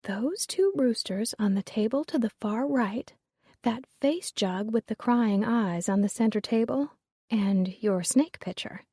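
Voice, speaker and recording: A woman voicing a shrewd middle-aged mother who talks in a hushed, dryly sarcastic way. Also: fairly high pitch, measured pace, breathy edge, dry recording, clean studio sound, pitched above the performer's own voice. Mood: knowing. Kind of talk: audiobook character reading.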